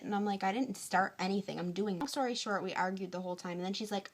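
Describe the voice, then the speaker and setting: A young woman telling a story to her phone camera in a casual rant, tired and hungry, exasperated, acting out both sides of an argument in animated bursts and swearing often. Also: medium pitch, fast talker, hardly any pauses, a little hiss or hum. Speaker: vlogger.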